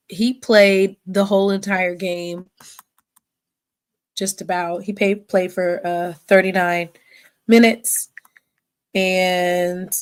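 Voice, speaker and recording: A woman hosting a casual sports livestream, reading off player stats with plenty of fillers and a rambling, friendly manner. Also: mid-range voice. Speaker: podcast host.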